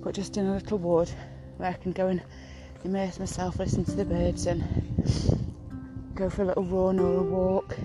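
A middle-aged woman from the Peak District, hosting a casual podcast outdoors, gentle and encouraging and a little out of breath. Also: lowish voice, monotone, normal speed, over loud music, low-quality recording. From Peak District, England. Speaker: podcast host. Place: small wood outdoors, birds around, distant traffic.

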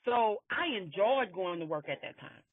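A man's voice: high-pitched, sing-song, moderate pace, breathy edge, no room sound. A man telling a workplace story in casual chat, emphatic and swearing freely, often repeating his phrases. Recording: tinny phone-like line.

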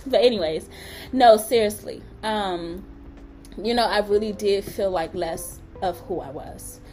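A woman hosting a podcast, telling personal stories in a casual, animated way with playful asides. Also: medium pitch, unhurried, soft background music. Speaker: podcast host.

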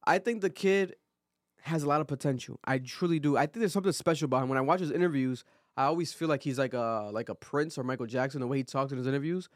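A man co-hosting a podcast in casual chat, talking in an animated, opinionated way with lots of fillers. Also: mid-range voice, fast, no room sound, clean studio sound. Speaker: podcast co-host.

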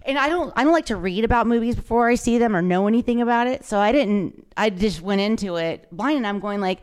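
A woman's voice: a little high, animated, fast, a little mellow, smooth. A woman hosting a podcast interview, chatting in a gushing, casual way with lots of "like". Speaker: podcast host.

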